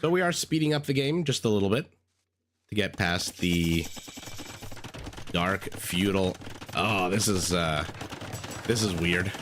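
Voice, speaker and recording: A man's voice: low voice, expressive, unhurried, pauses often, noisy background. A man recovering from a cold, chatting through live game commentary, thinking aloud and greeting viewers. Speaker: game caster. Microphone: desk microphone.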